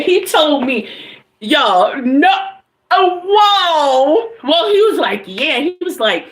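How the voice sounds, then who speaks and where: A woman livestreaming as a tarot reader tells a story at a slow, drawn-out pace, with her high voice swooping all over the place. She curses freely, keeps calling out to her listeners, and breaks into loud laughter. The sound is roomy and echoey. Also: very animated, slight background noise. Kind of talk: casual storytelling to a live audience.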